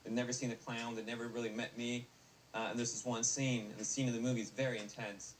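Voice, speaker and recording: A man's voice: medium pitch, level tone, fast. A young adult man, an actor guest in a casual interview, rambling with many fillers and restarts. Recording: distant mic with faint noise.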